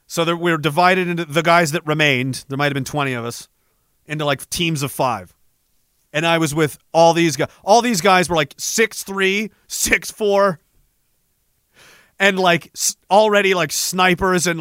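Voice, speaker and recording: A man's voice: fairly high pitch, a little slow, pauses often, a bit bright, no echo, studio quality. A man in his twenties, a military veteran, casually telling a profane, self-mocking story and laughing often.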